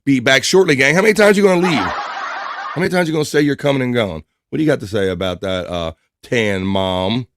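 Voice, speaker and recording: A man's voice: mid-range voice, expressive, moderate pace, background noise. Profane, hyped-up male stream host. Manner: loose, profane, hyped banter. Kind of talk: casual chat reading out live chat.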